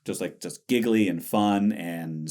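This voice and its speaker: A man's voice: sits low, unhurried, a little mellow. A man co-hosting a podcast, chatting in a breezy, rambling way. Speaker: podcast co-host. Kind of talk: casual chat.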